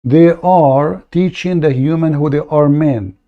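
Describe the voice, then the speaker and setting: A man's voice: on the high side, unhurried, narrow, tinny audio. A man hosting a call-in debate, mocking and combative, often laughing scornfully at the caller. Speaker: debate show host.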